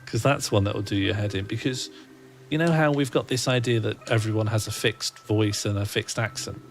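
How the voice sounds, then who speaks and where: Male streamer, low gravelly voice, wry rambling self-talk. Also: brisk, a little hiss or hum. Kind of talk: casual gaming livestream chat.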